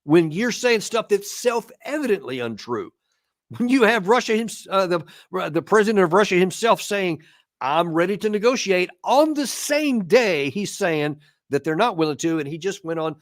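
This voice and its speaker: A man hosts a political commentary show. His voice sits a little high and sounds dry and close. He speaks emphatically and often restarts words as he drives home an argument. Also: lively intonation, normal speed, dry recording. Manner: emphatic, repeats words when stressing a point. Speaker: host.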